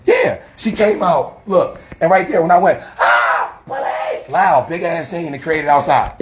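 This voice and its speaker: A man, a street preacher arguing defensively outdoors by a church, talking fast and repeating himself, filmed on a handheld phone. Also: fairly high pitch, lively intonation, very noisy. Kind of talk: heated confrontational street talk. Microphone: handheld phone camera.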